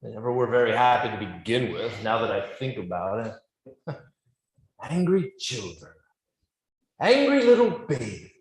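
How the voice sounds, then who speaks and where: A man as a widowed father giving gentle advice, rambling and wry. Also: mid-range voice, very animated, moderate pace, pauses often. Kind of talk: film drama dialogue. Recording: echoey room.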